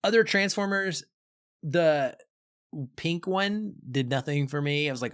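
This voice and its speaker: A man's voice: a little high, measured pace, a bit bright, clear, resonant tone. A man co-hosting a film podcast, talking casually and enthusiastically. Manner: enthusiastic, conversational. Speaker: podcast co-host. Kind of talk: casual film review chat.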